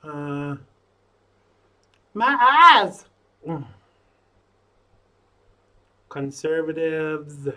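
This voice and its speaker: Slow, chatty man, higher voice. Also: very animated, sharp tone. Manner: rambling, chatty, talks to himself. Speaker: live-stream show host. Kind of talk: casual pre-show chat to himself.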